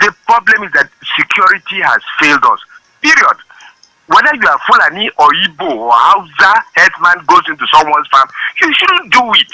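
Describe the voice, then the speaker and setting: Insistent caller, high and lively. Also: male voice, fairly quick, no room sound, low-quality recording. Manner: emphatic, repetitive, insistent. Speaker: phone-in caller. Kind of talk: call-in comment. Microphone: phone line.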